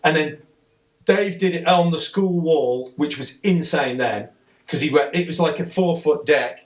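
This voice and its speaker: This man is a podcast guest telling a casual, excited story that wanders a lot, and he sits a fair way off the mic. He speaks at a measured pace in a fairly high voice.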